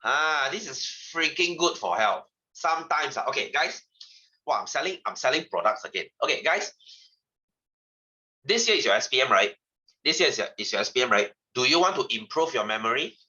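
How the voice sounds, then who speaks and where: A man's voice: mid-range voice, lively intonation, a little fast, bright, forceful tone, dull audio. A man giving a chatty science lesson to his class, asking questions and repeating himself. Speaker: science teacher. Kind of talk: classroom lecture.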